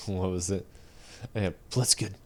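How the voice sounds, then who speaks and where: A man co-hosting a casual film podcast, laughing a lot and acting out movie quotes in a higher voice. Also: lively intonation, a little slow, clear, resonant tone. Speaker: podcast co-host.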